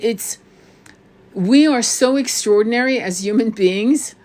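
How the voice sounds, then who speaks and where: A woman talks in a loose spiritual monologue as a tarot reader. She rambles, swears without pause and keeps breaking off to restart her sentences. Her voice sits at an ordinary middle pitch. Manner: rambling, profane, many restarts.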